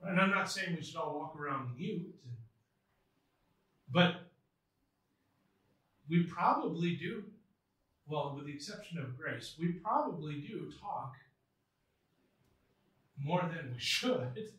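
Man, pastor, sermon, high bright voice, echoing church hall, mic far off. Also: expressive, takes it slowly, long pauses. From United States. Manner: earnest, reads scripture aloud with emphasis. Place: church sanctuary.

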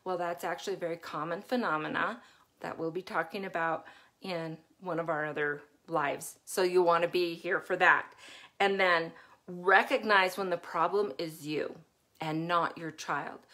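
A woman's voice: lowish voice, steady tone, moderate pace. Chatty middle-aged woman parenting coach. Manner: chatty, laughs often, acts out her own yelling. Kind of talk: live-stream talk.

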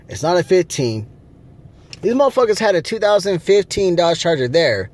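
A man's voice: a little high, animated, moderate pace, a little mellow, a little hiss or hum. A man vlogging from a rental car, ranting angrily with lots of swearing. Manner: angry, profane ranting. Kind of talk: casual vlog rant.

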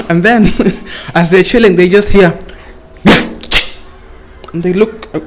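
A man's voice: high-pitched, very slow, background noise. Profane storytelling comedian man. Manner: casual, profane, often laughing at his own jokes.

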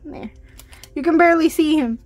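A woman's voice: high voice, normal speed, darkish tone. A woman hosting a toy unboxing video, chatty and giggly, exclaiming over tiny toys. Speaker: toy review host. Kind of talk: casual unboxing chat.

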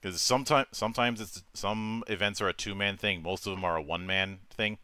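A man's voice: lowish voice, fairly quick, pushed and bright, dry recording. A man hosting a casual talk stream, rambling with many restarts and frequent chuckles. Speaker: host. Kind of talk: casual chat.

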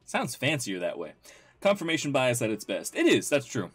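A man's voice: medium pitch, wildly swooping pitch, moderate pace, fairly bright tone, faint music behind. A man hosting a let's play, commenting casually and with amusement as he reads dialogue aloud.

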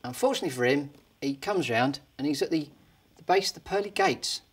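A man's voice: on the high side, animated, a little fast, slightly rough. A man telling a crude shaggy-dog joke in a chatty, matey way. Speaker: stand-up comedian.

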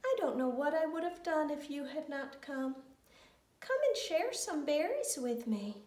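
A woman's voice: high voice, animated, measured pace, a little mellow, reverberant, recorded from a distance. A woman voicing a friendly, grateful young male bear cub in a children's story.

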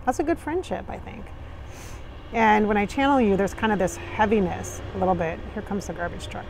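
A woman's voice: mid-range voice, fairly quick, creaky, background noise. A woman from Minnesota, channeling in a chatty way with dry sarcastic humor, recorded outdoors at sunrise. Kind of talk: casual spiritual channeling talk.

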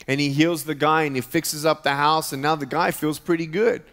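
A man's voice: a little high, steady tone, normal speed, hardly any pauses, a bit bright. Emphatic man preaching in a reverberant hall. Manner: emphatic, preaching with rising intensity. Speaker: guest speaker. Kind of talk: sermon. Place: church.

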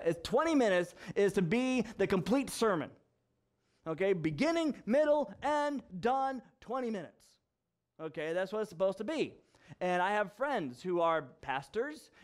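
Pastor, male, high-pitched, conversational sermon delivery, animated storyteller who does the voices. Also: normal speed. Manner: animated storytelling, acting out dialogue, frequent laughs.

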